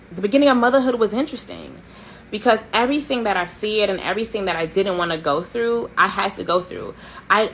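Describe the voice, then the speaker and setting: This host, a thirties-aged woman of Haitian family background, leads a relaxed storytelling conversation with animated sarcasm and candor, frequently laughing and cursing. The audio is poor with a bit of background noise, and her pitch sits in the middle.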